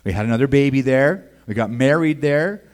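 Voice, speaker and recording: A man tells his personal testimony in a relaxed, folksy manner. He acts out the voices of the people in his story. His voice sits at an ordinary middle pitch for a man. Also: brisk. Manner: casual and folksy, with 'man' and 'boy, I tell you'. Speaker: speaker giving a personal testimony.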